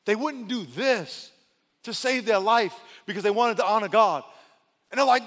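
A man preaching a sermon with a high voice, animated and quick to act out the voices in his stories. His words ring out with a long reverb from a large church hall. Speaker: pastor.

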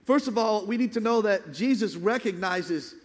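A man preaching a sermon as pastor, emphatic, sometimes dropping to a hushed low voice for dramatic lines. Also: normal speed. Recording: long hall reverb.

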